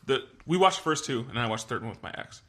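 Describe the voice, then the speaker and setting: A man co-hosting a podcast, telling stories in an animated, joking way. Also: medium pitch. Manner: animated storyteller, quick to laugh. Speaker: podcast co-host. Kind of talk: casual chat.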